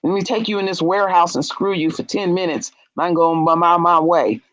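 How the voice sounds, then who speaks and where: Blunt, animated woman in dry casual chat. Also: a little fast, no room sound, rough recording. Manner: animated storyteller, acts out quotes with big jumps in pitch; blunt and profane.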